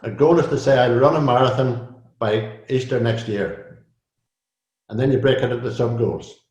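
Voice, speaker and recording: A man's voice: mid-range voice, normal speed, darkish tone, muffled recording. An older man talks casually about coaching. He is chatty, repeats phrases and scatters "you know" through his speech, and his voice sits in the middle of the male range. The room around him sounds echoey. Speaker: executive coach, guest. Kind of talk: casual interview conversation. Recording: roomy echo.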